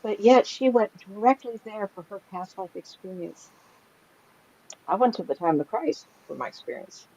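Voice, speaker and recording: Animated woman telling a story. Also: medium pitch, moderate pace, breathy edge. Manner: animated, laughs often while telling stories. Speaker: psychic medium guest. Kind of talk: casual storytelling chat. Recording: slightly dull lo-fi sound.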